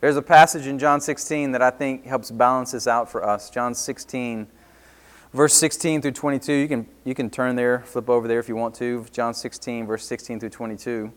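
A man's voice: medium pitch, fairly even intonation, moderate pace. A man preaching a sermon in an earnest, emphatic way, often restarting his words. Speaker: pastor.

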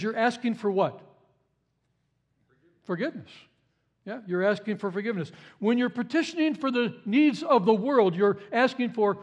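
High-voiced preaching man. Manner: conversational, repeats key phrases for emphasis; swings between loud emphatic bursts and soft low asides. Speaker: pastor. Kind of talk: sermon.

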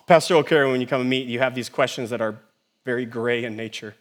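Talking fast in a mid-range voice, a middle-aged male pastor delivers an animated sermon, shifting from loud to hushed and asking his congregation many rhetorical questions.

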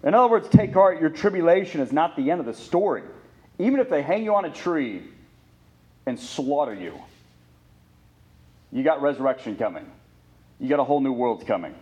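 A male pastor delivering a sermon in an earnest, emphatic way. His voice sits at an ordinary middle pitch. He builds his points with lists and rhetorical questions. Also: animated, moderate pace, pauses often, darkish tone, dull audio.

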